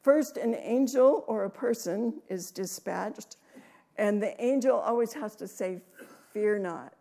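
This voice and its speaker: A woman preaching in a church room, reading scripture with rising emphasis and adding chatty asides with soft laughs. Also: fairly high pitch, unhurried, creaky.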